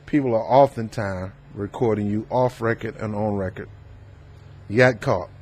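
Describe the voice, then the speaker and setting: A man hosting a political commentary vlog, talking in an emphatic, animated and preachy way. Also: on the low side, moderate pace, a little hiss or hum. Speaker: host.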